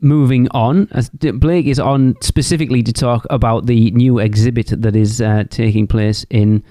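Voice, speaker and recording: A man's voice: medium pitch, fairly even intonation, moderate pace, mellow, dry recording, studio quality. Teasing man hosting a podcast. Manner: teasing, easygoing host steering the conversation. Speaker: podcast host. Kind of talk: casual podcast chat.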